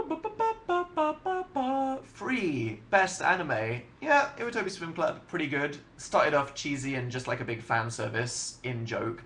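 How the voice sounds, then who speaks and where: A young man with an English accent chats loosely to his livestream, rambling from one answer to the next and mocking himself along the way. His voice is bright and forward, recorded through a computer mic in an echoey room at home, with a faint hum in the background. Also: medium pitch. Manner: rambling, self-mocking, chatty with frequent laughs. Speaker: livestream host answering chat. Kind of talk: casual livestream chat. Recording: roomy home webcam sound.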